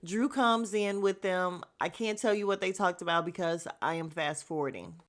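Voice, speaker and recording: A woman's voice: fairly low pitch, moderate pace. Blunt, gossipy woman podcast host. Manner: blunt, gossipy and candid, with casual slang and cursing; chatty and rambling, with frequent fillers. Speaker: podcast host recapping a reality show. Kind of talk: casual recap chat.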